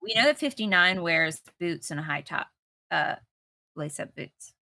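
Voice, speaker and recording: A woman's voice: lowish voice, lively intonation, sharp tone, no echo. A woman playing a mystery game with a friend on stream, chatting casually and teasing him. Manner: teasing, quick banter.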